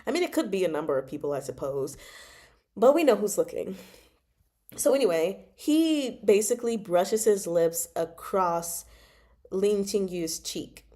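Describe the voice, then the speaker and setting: A woman's voice: medium pitch, animated, unhurried, dark tone. A woman hosting a casual book chat, bubbly and giggly as she retells a novel's scenes. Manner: bubbly, giggly, retells dialogue in playful voices.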